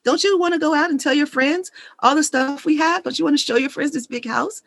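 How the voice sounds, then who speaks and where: A hurt, indignant husband, as a woman puts him on, pleading in a husky voice pitched well above her usual speech. Dry, close sound with no room echo. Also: brisk, fairly bright tone. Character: frustrated husband who feels unloved.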